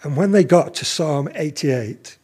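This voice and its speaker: A man delivers a sermon in an unhurried, deliberate way. His voice is slightly husky and sits a little higher than most men's. He leans into his questions with emphasis. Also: darkish tone. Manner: slow, measured delivery with rising emphasis on key questions. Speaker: preacher.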